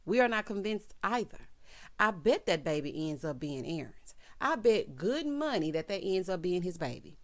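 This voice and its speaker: A woman's voice: fairly low pitch, moderate pace. Sassy woman vlogger recapping a show. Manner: sassy, animated, talks straight to characters. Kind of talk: casual recap commentary.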